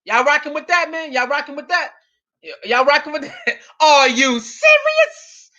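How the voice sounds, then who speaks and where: A man's voice: very high voice, moderate pace, sharp tone, highs cut off. A man hosting a live stream, giving casual reaction commentary and reading chat aloud, laughing often and repeating his phrases.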